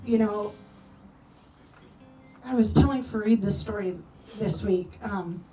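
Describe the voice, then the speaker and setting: At a memorial gathering hall, a woman with a slow, medium-pitched voice tells eulogy stories, animated and full of playful quoted voices. She sounds distant from the mic in a roomy echo, with soft music playing.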